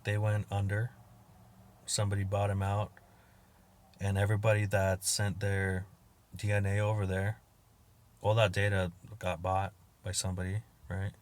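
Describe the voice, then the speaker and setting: Man, low-pitched, casual podcast rant, profane, laughing at own jokes, loud bursts when quoting. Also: monotone, normal speed, long pauses. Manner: acts out quoted exchanges with sudden loud outbursts. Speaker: podcast host. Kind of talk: casual comedic monologue.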